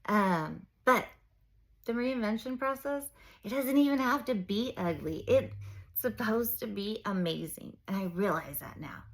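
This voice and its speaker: A woman's voice: mid-range voice, expressive, a little slow. A woman in her forties talking openly about her own struggles and coaching other moms, an emphatic storyteller who acts out what people said. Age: 40s. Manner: open, emphatic storyteller, many fillers, acts out quoted speech. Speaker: mom coaching women through reinvention. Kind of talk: candid personal talk.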